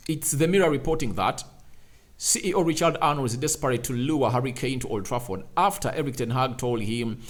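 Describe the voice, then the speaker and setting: Animated and brisk, this man speaks at a medium pitch while hosting a fan channel. His football commentary is opinionated, leaning on emphatic rhetorical questions and phrases he repeats.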